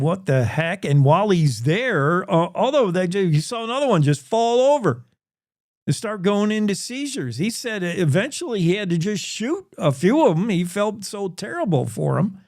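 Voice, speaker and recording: A man's voice: high-pitched, a little mellow, no room sound, clean studio sound. A man hosting a radio show, casually retelling a news story in a joking, rambling way with self-corrections. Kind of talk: casual chat.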